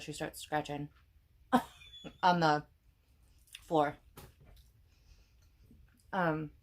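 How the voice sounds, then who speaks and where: A young cooking vlogger with a Wisconsin accent and a low-pitched, slightly mellow voice chats casually while preparing food. Pregnant and worn out, she meanders through tangents and lets the odd swear word slip.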